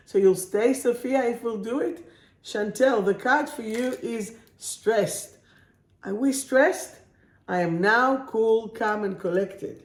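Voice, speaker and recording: A woman working as a spiritual coach, reading affirmation cards to viewers in a slow, soothing, affirming way during a live stream. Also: a little high, reverberant.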